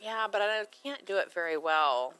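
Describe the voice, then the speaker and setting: A woman's voice: mid-range voice, animated, normal speed, sharp tone, clean tone, poor audio. A woman co-hosting a casual radio chat show, dry and teasing, keeping things on track.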